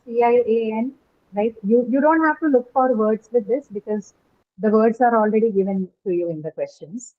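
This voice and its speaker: A woman English teacher giving an online class. She talks patiently, asks the students questions and often checks with them by asking "right?". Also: mid-range voice. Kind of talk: online class lecture on word stress. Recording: tinny phone-like call audio.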